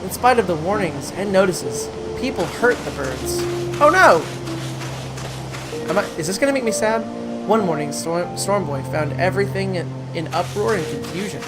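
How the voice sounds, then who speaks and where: A gaming creator playing a story game, reading its text aloud with stumbles and self-corrections and breaking into excited squeals. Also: medium pitch, moderate pace. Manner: chatty, trips over words while reading and corrects itself; swings to excited squeals when delighted. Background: game music.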